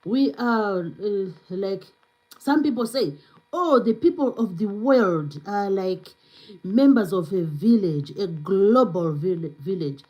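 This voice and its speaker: Speaking slowly in an animated, mid-range voice, a livestream host with a non-native English accent chats away casually, peppering her talk with fillers and reading viewer comments out loud. The sound is lo-fi.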